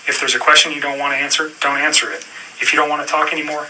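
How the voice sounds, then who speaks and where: A man questioning a witness as a police detective in an interview room, calm and procedural, with frequent fillers. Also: a little high, very fast. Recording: distant room recording with clear noise.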